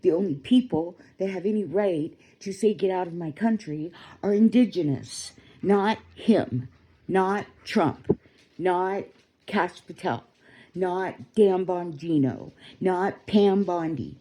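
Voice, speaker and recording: Lady venting at home into her phone, rambling and fed up, low mellow voice. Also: slow, husky. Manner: indignant, rambling, swearing. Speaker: vlogger. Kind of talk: casual ranting commentary to a phone.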